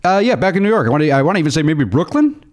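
A man hosting a podcast in casual chat, joking and bantering. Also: on the high side. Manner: animated, joking, quick banter. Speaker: podcast host.

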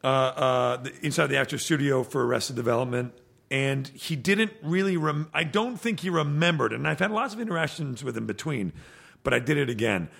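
A man with a gravelly, crackly voice talks casually as a guest on a podcast. He rambles through his stories and trips over fillers and restarts along the way. His pitch sits in an ordinary middle range. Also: expressive, brisk, fairly bright tone. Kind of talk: casual chat.

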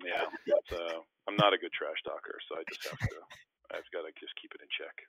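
A former pro basketball player rambles through self-deprecating stories on a casual call, restarting his anecdotes again and again. His deep, husky voice is steady and a little fast, with vocal fry and a pushed, bright edge. The phone line sounds tinny and dry.

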